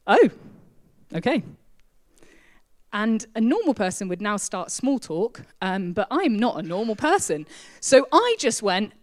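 A woman speaks as a guest speaker in a church, her voice sitting at a middle pitch. She tells stories with a lively, self-mocking humor and acts out the dialogue as she goes. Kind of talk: church talk with storytelling.

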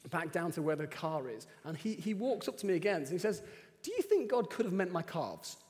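A man preaches in a chatty, animated storytelling way, and his voice sits a little high. His sermon rings out with long reverb in a church hall. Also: normal speed. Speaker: pastor. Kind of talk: sermon with personal stories.

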